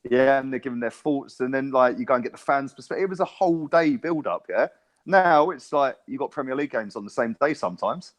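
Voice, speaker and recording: Sweary, emphatic football fan. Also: male voice, mid-range voice, animated, brisk. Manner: sweary, emphatic, keeps asking "right?". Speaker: podcast co-host. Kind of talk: casual football chat.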